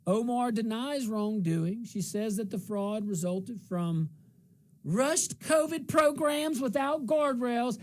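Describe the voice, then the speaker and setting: A man's voice: extremely high pitch, slow. A man hosting a political talk show, chatting casually and giving opinions. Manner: casual, opinionated, laughing asides. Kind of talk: political talk radio commentary.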